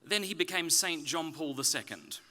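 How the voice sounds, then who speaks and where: A man from Australia with a softened Australian accent gives a public talk at a conference, with wry, self-deprecating humor. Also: fairly high pitch, expressive, moderate pace. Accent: Australian, softened toward British. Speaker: conference speaker. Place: conference stage.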